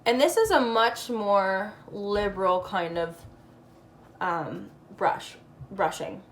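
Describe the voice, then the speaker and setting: A woman's voice: mid-range voice, slow pace, slight background noise. A woman casually talking through a makeup tutorial, chatty and playful with slangy asides.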